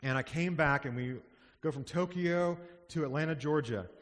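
A man's voice: on the high side, moderate pace. A man preaching a sermon as pastor, earnest and building to emphatic passages. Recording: long hall reverb.

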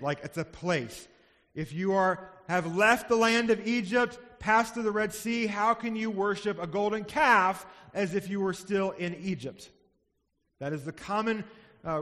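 A man's voice: high voice, fairly bright tone. Earnest preaching man in a reverberant hall. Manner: earnest, builds to emphatic passages. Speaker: pastor. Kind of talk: sermon.

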